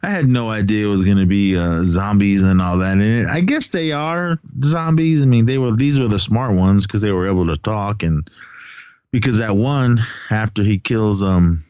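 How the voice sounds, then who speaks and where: A man with a very low voice rambles through a casual podcast chat about films, laughing often and filling pauses with "uh" and "um." The sound is dry and a bit dull, as if on a modest home mic. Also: animated, darkish tone, clean tone, dry recording. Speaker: podcast co-host.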